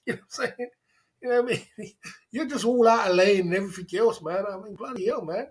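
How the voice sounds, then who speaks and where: A man's voice: extremely high pitch, fast talker. A man hosting a livestream, tipsy and laughing as he rants in a repetitive, swearing, casual way. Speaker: livestream host. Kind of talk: rambling livestream rant.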